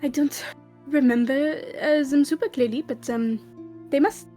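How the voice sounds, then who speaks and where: A woman's voice: high-pitched, a little slow, dark tone, soft background music. A woman voicing a polite, formal newcomer who speaks hesitantly. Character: polite, formal young woman newly arrived.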